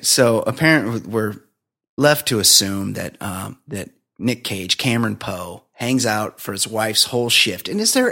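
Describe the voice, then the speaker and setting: A man's voice: medium pitch, a bit bright. Profane, laughing man riffing on a movie. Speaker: podcast co-host. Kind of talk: casual movie-review chat.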